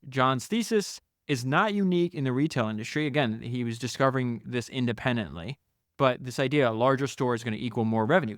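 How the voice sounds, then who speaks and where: A man's voice: mid-range voice, no echo. A man in a mid-range voice hosts a podcast, recounting a biography with eager enthusiasm and plenty of restarts. The sound is dry and close, with no room around it. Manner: enthusiastic, frequent restarts and "you know". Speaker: podcast host. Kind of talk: retelling a biography, casual podcast talk.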